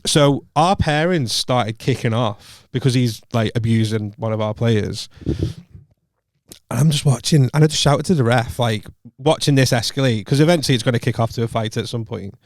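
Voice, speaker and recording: A man's voice: mid-range voice, normal speed, no room sound. Guy on a podcast ranting through a footy story, swears loads, keeps laughing, dead dry close mic. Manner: animated storytelling, swears a lot, laughs often, acts out quoted voices. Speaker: podcast co-host. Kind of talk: casual chat.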